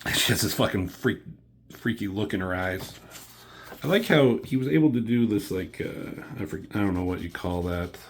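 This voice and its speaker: Young man, lowish voice, chatty comic review, rambling, laughing, acting out lines. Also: normal speed. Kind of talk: casual video review. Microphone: camera mic.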